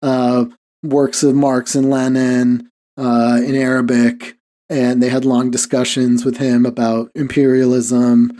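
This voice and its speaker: Mellow-voiced man rambling casually. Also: medium pitch, monotone, takes it slowly. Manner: rambling, heavy on "like" fillers, chuckles often. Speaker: podcast host. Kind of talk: casual podcast chat.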